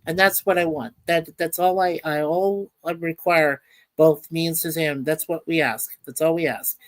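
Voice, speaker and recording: A woman hosting a casual livestream, speaking earnestly and warmly to her viewers and reading out their comments. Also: low-pitched, fairly even intonation, normal speed. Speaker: livestream host.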